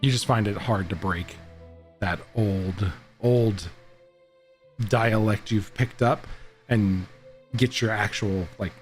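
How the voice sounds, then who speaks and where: A man running a tabletop game online as game master, explaining rules and narrating in a relaxed way with plenty of fillers. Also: on the low side, takes it slowly, long pauses, faint music behind.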